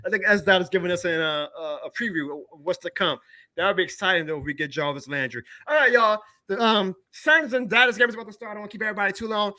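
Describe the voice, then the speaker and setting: A man hosts a live sports stream, his voice high and bright. He rants hard, swears freely and breaks into laughs between points. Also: fast. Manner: fired-up ranting, profane, laughs often. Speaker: podcast host.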